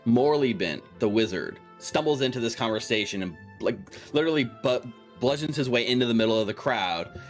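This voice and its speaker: A man's voice: medium pitch, lively intonation, a little fast, faint music behind. A man narrating a tabletop game as game master, in a casual way full of "like" and fillers.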